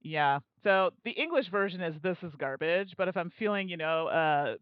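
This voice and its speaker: A woman's voice: fairly low pitch, animated, clear, resonant tone, no room sound, muffled recording. A young woman chatting casually as she streams a solo board game, talking through her moves and laughing at herself. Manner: chatty, self-mocking, quick to laugh. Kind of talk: casual live-stream commentary.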